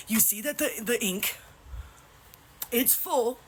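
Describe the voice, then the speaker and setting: A woman's voice: medium pitch, measured pace, long pauses, fairly bright tone, slight background noise. A woman crying while ranting angrily and profanely in a selfie video. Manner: furious, profane, voice breaking. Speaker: social media poster.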